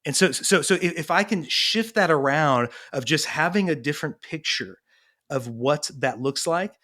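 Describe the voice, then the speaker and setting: A man's voice: a little high, expressive, moderate pace, sharp tone. A man in his thirties, a parenting coach telling stories in a casual interview and acting out the dialogue as he goes. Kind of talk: conversational storytelling.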